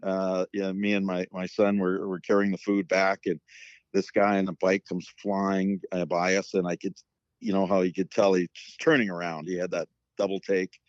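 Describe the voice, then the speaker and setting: Low-voiced rambling man telling stories. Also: level tone, normal speed, no echo, highs cut off. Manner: rambling storyteller with many fillers. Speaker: guest, former hockey coach. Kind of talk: casual chat.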